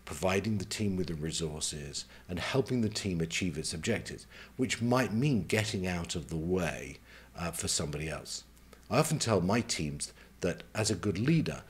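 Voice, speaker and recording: A man speaking as a career mentor, giving advice in a measured, conversational way and taking his points one at a time. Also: deep voice, husky.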